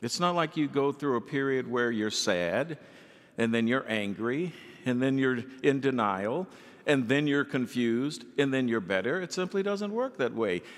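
A male pastor preaching a sermon in an animated way, acting out the people he quotes. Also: medium pitch, a little slow, big-room sound.

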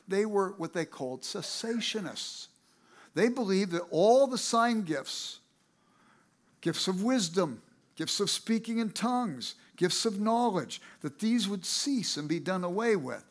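A man preaching a sermon, telling his own story in a conversational way with lively asides. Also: high-pitched. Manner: animated, acts out quoted people with a raised voice; conversational, self-correcting asides.

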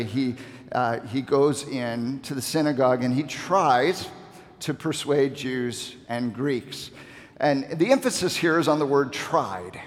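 A man's voice: medium pitch, long reverb tail. A man preaching an expository sermon, explaining the text and asking his listeners rhetorical questions.

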